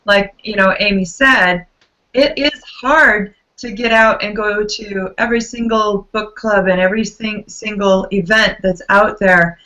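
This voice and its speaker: A tired woman with a gravelly voice, effusively hosting an online book club chat over a video call. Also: mid-range voice, steady tone, unhurried, low-quality recording. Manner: warm, effusive, chatty.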